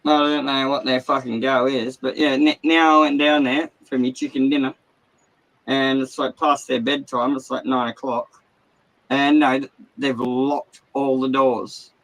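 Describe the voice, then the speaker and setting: An Australian man talking straight into his livestream, rambling and agitated and swearing constantly. His voice sits at an ordinary middle pitch, and he talks to the viewers in a loose, unplanned way from inside his caravan. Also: little pitch movement, a little slow, a bit bright, poor audio. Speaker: livestream host. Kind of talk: casual livestream rant.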